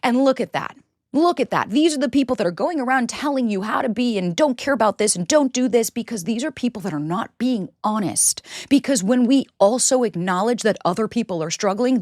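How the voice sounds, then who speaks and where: A woman's voice: mid-range voice, dry recording. Woman podcast host in her thirties, blunt and emphatic, cusses freely, dry close sound. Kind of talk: candid solo podcast monologue.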